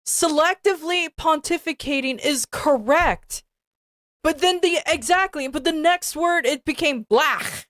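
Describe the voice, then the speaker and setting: A woman's voice: high voice, unhurried, fairly bright tone, no room sound, clean studio sound. A woman streamer reacting to a text she reads aloud, ranting and swearing in exasperated disbelief and repeating herself. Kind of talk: live-stream reading reaction.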